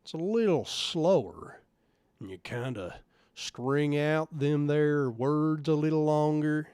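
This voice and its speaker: A man's voice: fairly high pitch, darkish tone, clear, resonant tone, dry recording. A man putting on a twangy Oklahoma hick. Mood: drawling. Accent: exaggerated Oklahoma drawl. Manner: drawling, folksy, slowed vowels.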